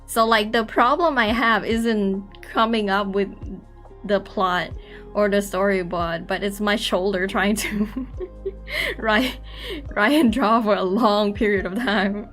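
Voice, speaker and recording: A woman's voice: medium pitch, steady tone, unhurried, fairly bright tone, soft background music. A young woman chatting casually on a drawing stream, rambling and self-conscious, laughing often. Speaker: artist streamer.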